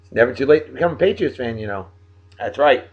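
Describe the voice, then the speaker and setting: A jovial man, talking casually to his viewers as a show host. His delivery is folksy and animated, with big swings in pitch. The sound is a bit dull, like a simple home recording. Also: fast. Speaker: host of a daily beer and song video show. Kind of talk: casual shout-outs monologue.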